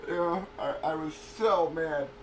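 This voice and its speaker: Profane, rambling livestream host, higher voice. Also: male voice, measured pace, far from the mic, poor audio. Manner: profane, rambling, laughs often. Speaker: livestream host of card breaks. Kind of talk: casual livestream chat. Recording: voice a bit off-mic with faint noise.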